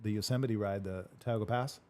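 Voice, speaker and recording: Fast-paced male podcast host, casual and profane, animated retelling. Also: on the low side. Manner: swears a lot, retells arguments animatedly. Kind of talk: casual chat.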